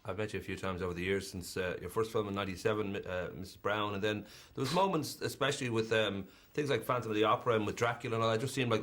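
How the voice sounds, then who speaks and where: A male film interviewer rattles off long, winding questions at a very fast clip. His voice sits fairly low, and his questions are packed with fillers and restarts. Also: a bit bright.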